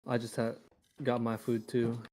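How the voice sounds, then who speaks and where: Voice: mid-range voice, flat delivery, measured pace, darkish tone. A friend chatting casually over voice chat, laid-back and dry.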